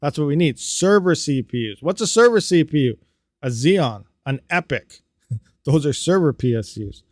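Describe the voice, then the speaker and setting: Man, somewhat high voice, livestream host, casual rant, answers chat, dry close sound. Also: no echo. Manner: animated, ranting, talks fast then trails off quietly. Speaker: crypto mining livestream host. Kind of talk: casual livestream chat reading viewer comments.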